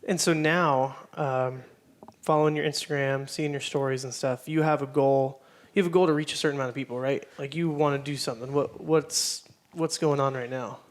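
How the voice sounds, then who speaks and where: A man's voice: medium pitch, steady tone, fairly quick. A male podcast host interviewing his guest in an encouraging way.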